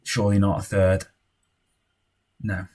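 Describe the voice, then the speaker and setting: Low-pitched and completely flat in delivery, a young man talks a little slowly through his football management game. Still, he cheers and shouts at goals and mutters when things get tense.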